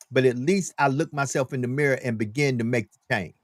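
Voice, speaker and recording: A man's voice: medium pitch, brisk, dry recording. A man hosting a live-stream talk show, preaching emphatically and repeating his lines for effect. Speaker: host.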